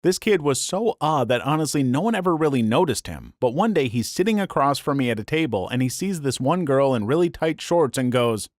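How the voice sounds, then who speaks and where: A man narrating online stories in a scripted, lively and comic way. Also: medium pitch, brisk, few pauses, no room sound, clean studio sound. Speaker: story narrator.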